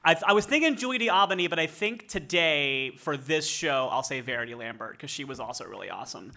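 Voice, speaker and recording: A cast member at a live comedy reading, introducing himself with self-deprecating jokes. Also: male voice, a little high, lively intonation, fast talker, vocal fry, pushed and bright. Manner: self-deprecating, joking asides. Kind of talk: live comedy stage banter.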